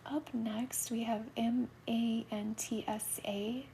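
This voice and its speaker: A middle-aged woman giving soulmate readings on a livestream, talking casually in a soft, soothing voice that often drops into a whisper. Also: on the high side, steady tone, slow pace, vocal fry, a little hiss or hum.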